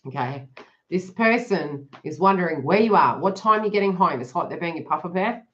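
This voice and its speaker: A woman's voice: lowish voice, expressive, a little fast. Chatty woman giving a live reading. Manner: chatty, laughs often, addresses viewers by name. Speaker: tarot reader hosting a live stream. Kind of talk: live stream reading to chat. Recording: dull lo-fi live stream audio.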